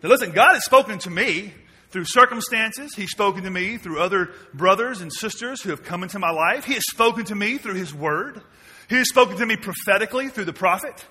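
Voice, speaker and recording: A man, preaching a sermon to his church, moving between quiet low asides and loud emphatic questions. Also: expressive, a little fast, husky. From Mississippi, US. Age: 40s. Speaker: pastor. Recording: long reverb of a large hall.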